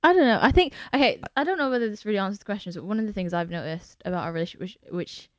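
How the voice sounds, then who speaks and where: A woman's voice: mid-range voice, lively intonation, rapid-fire, no echo. A woman with a Filipino English accent, co-hosting a casual podcast chat, talking in a reflective, rambling way with many fillers. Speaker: podcast co-host.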